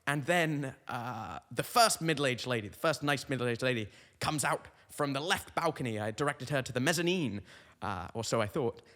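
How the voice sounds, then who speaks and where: A young man hosts a comic podcast, wandering from story to story in a loose, rambling way. His voice sits at a middle pitch. A long hall reverb hangs on every line. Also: lively intonation, normal speed, fairly bright tone. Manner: rambling, tangent-prone storytelling. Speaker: comedian host.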